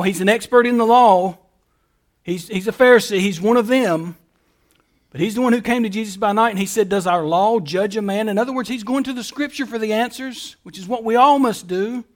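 A man pastor preaching a sermon, building emphatic lists and rhetorical questions. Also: high-pitched.

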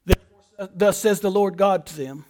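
Speaking at a normal speed in a high voice, this male pastor reads scripture during his sermon and unpacks it with emphatic rhetorical questions. His phrases frequently fade into a hushed voice at the end.

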